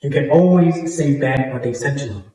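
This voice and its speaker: A man with a South African Xhosa accent teaches public speaking in a workshop, explaining patiently and repeating his points. His voice is mellow and carries from a distance across a very echoey room. Faint noise sits behind it. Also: mid-range voice, normal speed.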